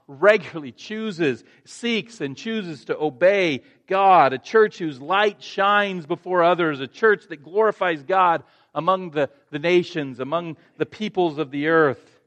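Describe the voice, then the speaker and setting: Earnest pastor preaching, fairly high-voiced man. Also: fairly bright tone. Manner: earnest, with frequent restarts and rising emphasis. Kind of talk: sermon.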